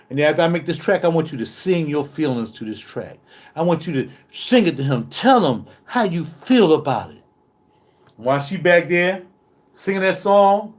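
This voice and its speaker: A man holds forth in a casual monologue from his home recording studio. His talk is boastful, streetwise banter. He keeps a loose, easy flow. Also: sits high. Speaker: vlogger.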